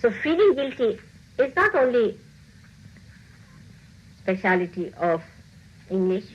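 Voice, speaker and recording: A woman's voice: a little high, big pitch swings, slow, breathy edge, lo-fi sound. A woman giving a spiritual talk to her followers, scolding them playfully, laughing often and acting out the voices she quotes. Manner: teasing, scolding with frequent laughter. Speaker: spiritual teacher.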